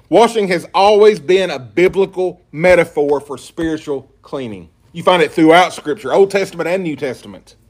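A man delivers a sermon from the pulpit. His voice sits a little on the high side. He preaches emphatically and reads scripture aloud as he goes. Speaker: pastor.

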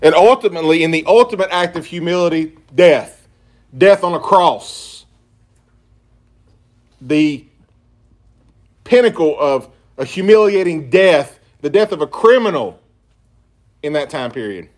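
A man's voice: fairly high pitch, expressive, unhurried, pauses often. Emphatic preaching man. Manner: emphatic preaching, reading scripture aloud. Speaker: pastor. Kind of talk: sermon.

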